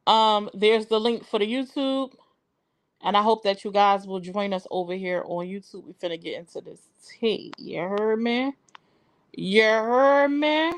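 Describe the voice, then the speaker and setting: A woman's voice: mid-range voice, normal speed. A young adult woman hosting a live stream in a casual, chatty way, talking straight to her viewers.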